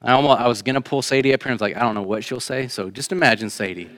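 A man preaching a sermon in a church, shifting between emphatic raised lines and quiet, conversational asides. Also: mid-range voice, racing. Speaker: pastor. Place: church sanctuary.

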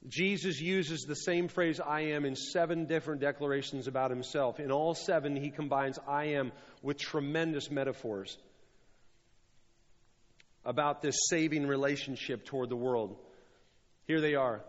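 A man's voice: medium pitch, fairly even intonation, moderate pace. A man preaching a sermon as a pastor, stressing and repeating key phrases. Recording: dull sound with long hall reverb.

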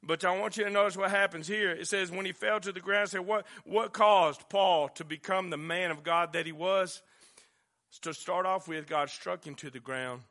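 A male pastor, preaching a sermon with passion, dropping to a hush and then rising loud again. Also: sits high, moderate pace. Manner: impassioned preaching, swinging from hushed to loud.

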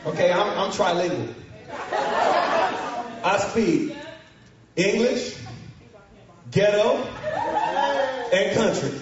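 High-voiced man telling a comic story in an echoing hall. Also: slow, long pauses, very noisy. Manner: animated, mocking, shouts for effect. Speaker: speaker to students. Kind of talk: comic storytelling to a live audience. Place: large hall with an audience. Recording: echoey hall from far off, muffled, crowd.

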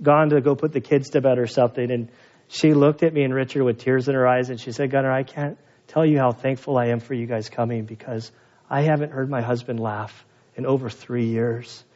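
Conversational pastor preaching in church. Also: male voice, on the high side, a little mellow, muffled recording. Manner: conversational, storytelling with rising emphasis. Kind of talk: sermon. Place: church sanctuary.

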